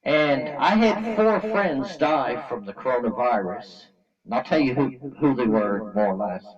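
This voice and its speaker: A man's voice: mid-range voice, expressive, a little slow. Vlogger, Canadian man, blunt and angry, colloquial and repetitive, recorded dull and distant with crowd noise behind. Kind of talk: blunt opinion rant to camera.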